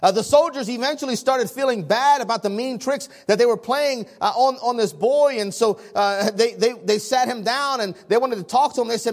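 A man preaching a sermon, lively and conversational, laughing often and acting out people's reactions. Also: very high voice, normal speed, hardly any pauses. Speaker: pastor.

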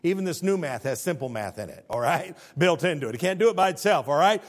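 A middle-aged male preacher giving a sermon, rising to loud emphatic points and dropping to near-whispers, quoting scripture in old-fashioned wording. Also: on the high side, sing-song, fast, few pauses.

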